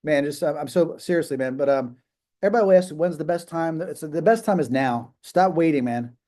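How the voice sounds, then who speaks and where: Fifties guy on a video call, rambling and fired up, dark mellow voice sitting a bit high. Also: brisk. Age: 50s. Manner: rambling, emphatic, many restarts and fillers. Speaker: host of a live business call. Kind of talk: casual motivational talk.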